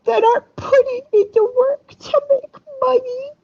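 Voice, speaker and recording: A woman's voice: very high-pitched, steady tone, moderate pace, creaky, voice pushed up. A woman putting on a crying baby voice, sobbing and wailing, on dull lo-fi audio. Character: crying whiny man-baby.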